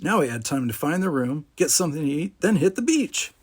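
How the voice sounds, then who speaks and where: Husky man reading a storybook aloud. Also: on the high side, brisk. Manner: animated, distinct voices for each character. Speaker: narrator.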